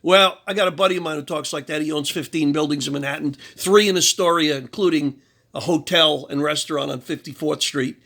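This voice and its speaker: A man with a bright, forceful voice pitched a little high tears into his target with sarcasm. He taunts, mocks and preaches about sin and judgement in a combative commentary rant. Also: brisk. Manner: preachy, invokes God and sin. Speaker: political commentator. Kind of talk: ranting commentary.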